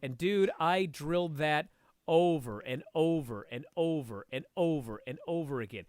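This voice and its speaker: A man talking as a guest and instructor, telling a story in a casual, animated way and swearing freely. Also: a little high, moderate pace, smooth, no echo, studio quality. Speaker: podcast guest, martial arts instructor.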